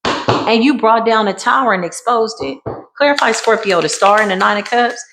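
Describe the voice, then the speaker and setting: A woman's voice: on the high side, normal speed, noisy background. Sassy woman reading tarot. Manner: sassy, dramatic, swings between hushed and emphatic. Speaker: tarot reader. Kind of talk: tarot card reading monologue.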